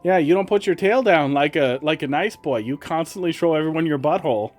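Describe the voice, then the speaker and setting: A man's voice: a little high, a little fast, a little mellow. A man with a slight Wisconsin accent, streaming and chatting casually with viewers while talking to his cats in a sing-song voice. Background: faint music.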